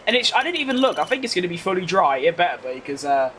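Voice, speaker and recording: A young London streamer from England talks casually over a racing game, reading his chat in a self-mocking, wry tone. His high voice has big pitch swings, a quick pace, and a sharp edge, over a light hiss or hum.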